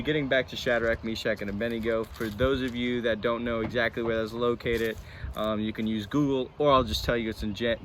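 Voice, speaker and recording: A man's voice: on the low side, fairly bright tone. A man co-hosting a casual Bible discussion outdoors, rambling and self-deprecating with frequent restarts. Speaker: church channel co-host. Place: outdoors near a road. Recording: faint traffic noise outdoors.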